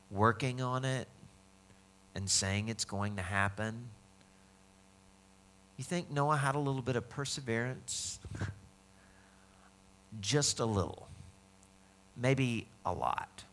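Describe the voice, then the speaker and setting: Bright-voiced man preaching. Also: mid-range voice. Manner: conversational preaching, acts out quoted voices. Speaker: pastor. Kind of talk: sermon.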